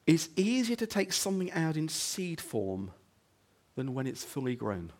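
A man preaching a sermon as the pastor of his church, talking conversationally with rhetorical questions and "okay?" asides, dropping to hushed lines and rising to loud emphatic ones. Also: very animated, measured pace. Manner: swings between hushed low moments and loud emphatic stretches. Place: church building.

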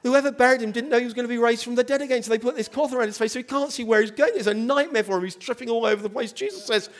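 A man's voice: extremely high pitch, animated, fast, few pauses. A man preaching a sermon, telling a story with animation and asking the congregation questions. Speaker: pastor.

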